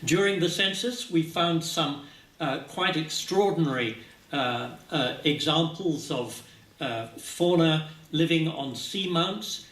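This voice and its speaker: A man giving a scientific talk at a symposium, speaking haltingly with many filler sounds, recorded from a distance in a lecture hall. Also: a little high, lively intonation, fairly bright tone. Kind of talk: conference presentation. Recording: echoey hall, speaker far from mic.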